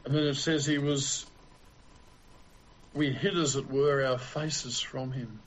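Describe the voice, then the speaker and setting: A man preaching a sermon in a slow, deliberate way with long pauses. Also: mid-range voice, steady tone, slight background noise, rough recording.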